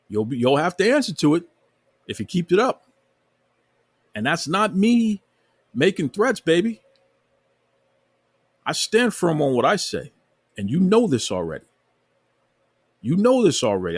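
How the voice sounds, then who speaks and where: A man's voice: mid-range voice, no room sound. A man hosting his own podcast, delivering a heated, preachy rant that keeps repeating its points. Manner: fired up, preachy, repeats himself. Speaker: podcast host.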